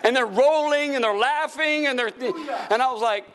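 A man's voice: extremely high pitch, moderate pace, hardly any pauses, crowd noise. A man preaching a charismatic sermon, laughing often and repeating words for effect. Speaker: pastor.

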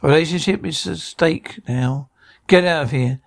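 A man's voice: a little high, moderate pace, gravelly. An actor playing an irritable middle-aged man who squabbles in sitcom dialogue, stammering and restarting. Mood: bickering. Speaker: sitcom character.

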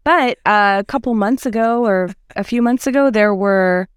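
A woman's voice: mid-range voice, normal speed, clear, resonant tone, no echo, clean studio sound. Blunt chatty woman. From Boston. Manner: blunt, chatty, swears freely. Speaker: podcast guest. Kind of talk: casual chat.

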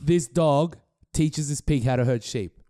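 A man's voice: fairly high pitch, unhurried, dark tone, no room sound, clean studio sound. A man co-hosting a casual podcast, retelling a film loosely and swearing freely. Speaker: podcast co-host.

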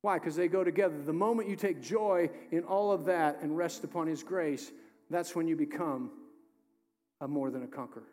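A man, the pastor, preaching a sermon emphatically, moving between loud urging and hushed, slow delivery. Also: on the high side. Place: church sanctuary. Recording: music under voice in a reverberant hall.

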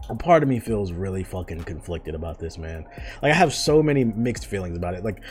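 A young man hosts his own podcast in a casual solo rant, swearing a lot, restarting sentences, and tossing in exasperated asides. His low-pitched voice is very animated at a moderate pace, with faint music in the background.

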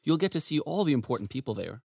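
An actor playing a mild, eager-to-please clerk husband in an audio drama, speaking in a gentle, coaxing way. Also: male voice, a little high, big pitch swings, quick pace, creaky, husky, no room sound, exaggerated voice. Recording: dry close studio sound.

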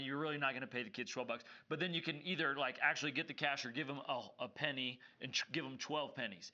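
Bright-voiced man telling a lively teaching story. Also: on the high side, muffled recording. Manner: animated storyteller who acts out dialogue. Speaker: podcast co-host and seminary teacher. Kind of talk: casual scripture discussion.

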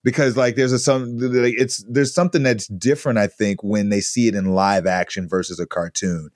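A man in his thirties co-hosting a casual podcast chat, animated and rambling, laughing often. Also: lowish voice, normal speed, dry recording, clean studio sound. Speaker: podcast co-host.

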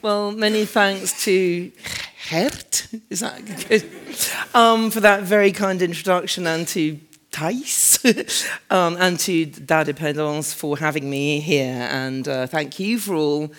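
A woman's voice: lowish voice, slow pace, slight background noise. A woman architect and author giving a live, conversational lecture in a large converted warehouse, chatty and self-deprecating with frequent "um"s and asides. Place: large former fruit warehouse event space.

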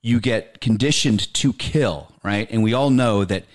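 A man's voice: fairly low pitch, a little slow. A man who is a comedian, a guest on a podcast, talking about the craft in a reflective way and laughing and agreeing readily. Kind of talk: casual comedy-shop chat.

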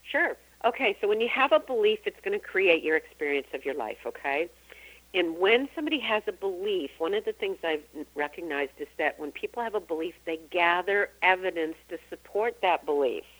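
A woman's voice: lowish voice, expressive, fairly quick, a bit bright, poor audio. A woman guest on a radio interview, talking earnestly about beliefs and acting out what people say. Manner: earnest, acts out quoted voices. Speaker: guest psychic and author.

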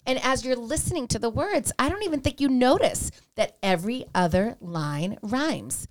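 A woman's voice: a little high, expressive, moderate pace. Woman co-hosting a hymn chat. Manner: explanatory, reads notes aloud. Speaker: podcast co-host. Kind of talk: casual chat about hymns.

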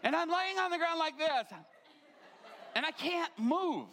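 A man's voice: extremely high pitch, lively intonation, measured pace, fairly bright tone, slight background noise. A male pastor telling a dramatic personal story as part of a sermon.

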